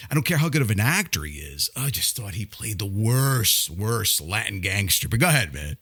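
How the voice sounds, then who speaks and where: A man's voice: fairly low pitch, very animated, normal speed, sharp tone, breathy edge. A man hosting a podcast interview, talking bluntly and giving strong opinions in a casual way. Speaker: podcast host.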